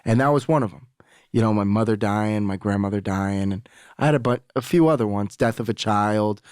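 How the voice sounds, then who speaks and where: A man's voice: on the low side, a little fast, darkish tone, smooth, dry recording, studio quality. A young adult man, a podcast guest, telling a candid personal story in casual talk, swearing freely and acting out the voices of people he quotes.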